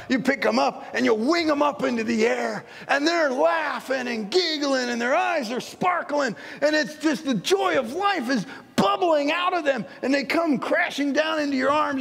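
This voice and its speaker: A man's voice: very high-pitched, vocal fry, a bit bright, in a large hall. A man who is a pastor preaching a sermon in a church sanctuary, telling stories and acting out little scenes as he goes.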